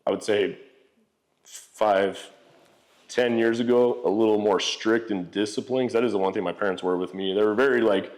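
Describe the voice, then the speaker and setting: A man's voice: on the low side, moderate pace, a little mellow. A man in his forties, a podcast guest telling candid stories in a casual, profane way, full of fillers like "like" and "you know". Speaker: real estate entrepreneur guest.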